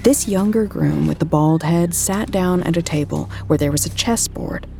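A woman's voice: fairly low pitch, moderate pace, vocal fry, dark tone, faint music behind. An actress playing a troubled female agent who narrates her own story in first person in an audio drama. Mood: tense. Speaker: narrator and lead character.

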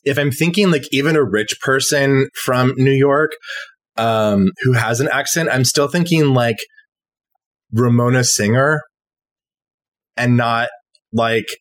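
A man's voice: medium pitch, a little slow, long pauses, no echo. A man guesting on a podcast, chatting casually in a rambling way and laughing along. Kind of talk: casual chat.

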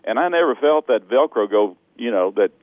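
A man from Texas calling in to a radio show by phone, telling a story in a lively way and laughing often. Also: mid-range voice, a little fast, no room sound. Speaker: caller. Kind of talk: animated storytelling on a phone call. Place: phone call. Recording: tinny phone line.

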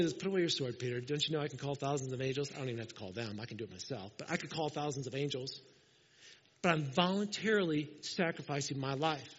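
A high-pitched man preaches a sermon, telling the story with life and acting out the voices of the people in it. His voice rings through a big hall with a long tail of reverb. The sound is slightly dull and muffled. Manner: lively storytelling, acting out quoted lines. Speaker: pastor.

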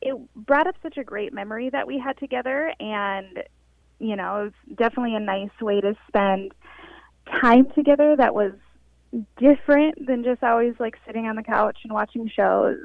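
A woman's voice: fairly high pitch, normal speed, vocal fry, no room sound. A woman calling in to a radio show, telling a story in a friendly, casual way with lots of fillers. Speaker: caller. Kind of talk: phone-in storytelling. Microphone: telephone. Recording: dry tinny phone line.

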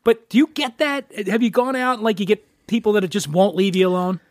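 A man with a high voice hosts a podcast in loose, joking chat and swears freely. The sound is close and dry, with no room around it. He keeps the talk rambling and playful. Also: expressive, brisk, dry recording. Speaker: podcast host. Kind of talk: casual chat.

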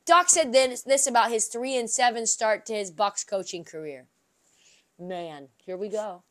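A woman hosting a podcast, delivering a profane, animated sports rant that swings from shouted outbursts to low, mumbled asides, with a migraine. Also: a little slow. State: has a migraine. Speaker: podcast host.

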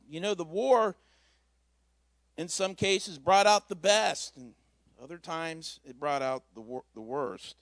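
High-pitched guy preaching in a church, folksy and chatty, dry sound. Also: no echo. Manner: conversational storytelling, folksy asides. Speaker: pastor. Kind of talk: sermon.

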